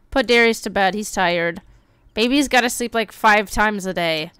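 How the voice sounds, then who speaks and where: Woman streamer, lively gameplay commentary, smooth resonant voice. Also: medium pitch, dry recording. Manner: animated, bursts of exclaiming and quick read-outs. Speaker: game streamer.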